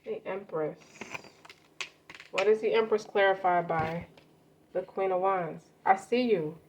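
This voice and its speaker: A woman's voice: mid-range voice, unhurried, a little mellow. A woman giving a casual tarot card reading, talking loosely with slang and swearing. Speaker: tarot reader. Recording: muffled lo-fi audio with faint noise.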